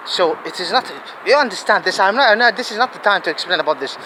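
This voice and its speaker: Earnest high-voiced man. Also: lively intonation, quick pace. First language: Arabic. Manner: earnest, digressive, repeats himself. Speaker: vlogger. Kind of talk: casual outdoor monologue. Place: outdoors in a city. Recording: wind noise on the mic.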